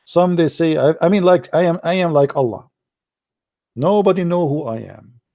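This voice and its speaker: Middle-aged guy, english not his first language, sarcastic host ranting at a desk mic, gravelly dark voice, dry close sound. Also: a little high, moderate pace, dry recording. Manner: sarcastic, repeats words, says "my friend". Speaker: online show host. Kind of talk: casual live commentary.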